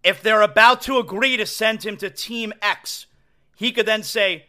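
A man's voice: high-pitched, steady tone, unhurried, sharp tone. A man hosting a sports podcast, delivering an emphatic, rambling opinion monologue full of restarts and asides.

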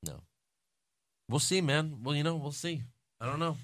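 A man with a bright, forceful tone chats casually as a podcast co-host. He rambles and hedges, leaning on "like" and "you know". His voice sounds dry and close. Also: fairly high pitch, moderate pace, no echo. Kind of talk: casual wrestling chat.

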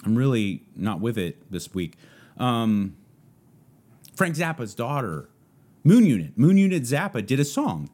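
A podcast host from Southern California rambles through a loose solo monologue packed with fillers. He has a mid-range, darkish voice with big pitch swings, speaking at a measured pace with long pauses.

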